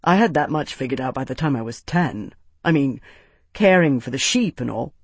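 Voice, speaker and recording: An embarrassed young man rambles in halting bursts in an audiobook reading, voiced by the narrator. His tone is a little husky. The sound is close and dry. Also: mid-range voice, lively intonation, no echo. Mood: flustered. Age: young adult.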